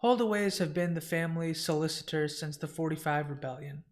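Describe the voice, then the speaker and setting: A man voicing a frail elderly woman who speaks softly and fondly. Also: fairly high pitch, brisk, close to an everyday voice. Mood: tender. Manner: soft, fond, apologetic.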